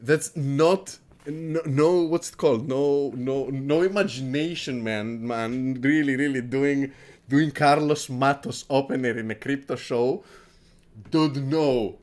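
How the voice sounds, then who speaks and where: A Greek man hosts a casual crypto livestream, rambling, repeating himself, swearing and laughing a lot. His voice is mid-range with a darkish tone, and he takes his time.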